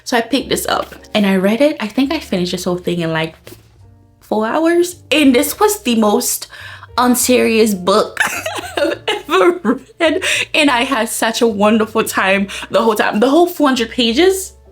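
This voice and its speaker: A woman chatting casually in a book review vlog. She talks with excitement, laughs often and fills her speech with "like.". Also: on the high side, moderate pace, faint music behind. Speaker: book vlogger.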